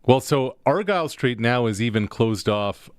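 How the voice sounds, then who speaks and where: Animated man telling sports stories. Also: medium pitch, normal speed, smooth, no room sound. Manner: animated storyteller, building to punchlines. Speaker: guest co-host. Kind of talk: casual sports talk. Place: radio studio.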